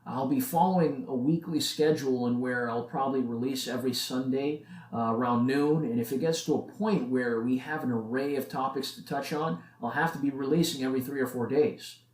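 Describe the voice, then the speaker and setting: A man's voice: mid-range voice, fairly quick, hardly any pauses, darkish tone. A nineteen-year-old man hosting a solo podcast, talking in a casual, earnest, motivational way. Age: late teens. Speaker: podcast host. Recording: echoey room.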